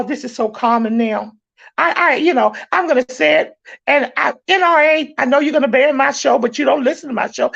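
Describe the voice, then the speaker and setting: A woman hosting a podcast, loud and preachy, with an excitable, fiery delivery. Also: high-pitched, vocal fry, husky. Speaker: podcast host. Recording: dull lo-fi sound.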